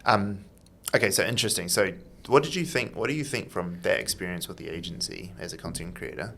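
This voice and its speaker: A man hosting a podcast in a casual chat. His voice sits low and gravelly, and his questions ramble along with fillers and restarts. A faint hiss runs under the recording. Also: a little fast, sharp tone. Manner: loose, filler-heavy questions with many restarts. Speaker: podcast host.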